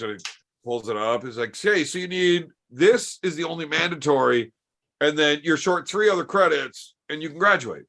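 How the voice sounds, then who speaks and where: A man's voice: fairly high pitch, animated, moderate pace, bright, forceful tone. A man in his thirties telling a rowdy, profanity-laced story over beers, acting out the dialogue as he goes. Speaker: podcast host.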